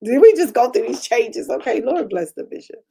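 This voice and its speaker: A woman pastor preaching a conversational broadcast sermon, chatty and animated, repeating phrases and calling out to her congregation. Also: fairly high pitch, normal speed, vocal fry, slightly rough. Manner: chatty, repetitive, calls out to the congregation; animated preaching with frequent restarts.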